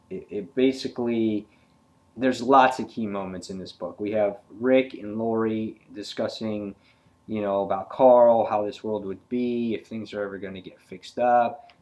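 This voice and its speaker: A man's voice: on the low side, darkish tone. A man casually reviewing a comic book, rambling with frequent fillers and restarts.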